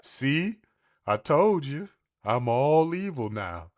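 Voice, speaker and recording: Give me a man playing a gleefully evil undead dog, high-pitched and growling, in a spoof. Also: big pitch swings, takes it slowly. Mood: gloating evil. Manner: gloating, growling.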